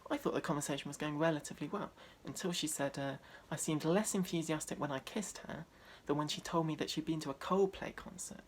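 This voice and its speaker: A man, doing a deadpan, self-deprecating stand-up set. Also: fairly high pitch, quick pace, few pauses, slight background noise. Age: 20s. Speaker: stand-up comedian.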